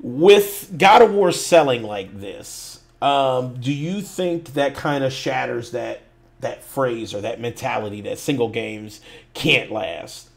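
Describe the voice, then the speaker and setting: A man hosting a gaming podcast, talking loosely with swearing and drawn-out phrases. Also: mid-range voice, lively intonation, gravelly. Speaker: podcast host. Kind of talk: casual chat.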